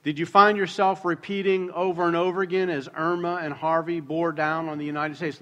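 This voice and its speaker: A middle-aged man preaches from the pulpit in a relaxed, conversational way. His voice is bright and sits a little high for a man, and it rings out with a long echo through the church hall. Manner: conversational, jokes with the congregation, slows down to stress words. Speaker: pastor. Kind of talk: sermon. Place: church sanctuary.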